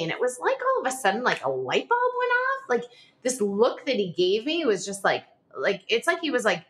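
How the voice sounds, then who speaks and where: A woman in her forties, a guest on a podcast, tells her story in a loose, chatty way. Her pitch swings up and down a lot, and she fills her phrases with "like" and small nervous laughs. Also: huge pitch swings, moderate pace, fairly bright tone. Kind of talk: personal storytelling in a podcast interview.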